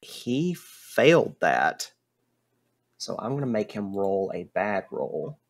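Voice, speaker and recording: A man narrating a tabletop role-playing game as game master, relaxed and explaining rules with fillers. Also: lowish voice, slow pace.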